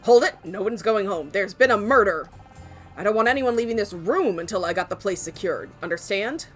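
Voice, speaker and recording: A woman voicing a gruff male senior detective in a video game, giving blunt commands. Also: medium pitch, lively intonation, brisk, fairly bright tone, soft background music, natural voice. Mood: commanding. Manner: commanding, barking orders.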